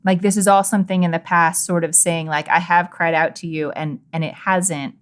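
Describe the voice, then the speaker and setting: A woman's voice: lowish voice, fairly even intonation, normal speed, smooth. A woman co-hosting a podcast, reading scripture aloud and then discussing it in a thoughtful, searching way with frequent restarts. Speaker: podcast co-host.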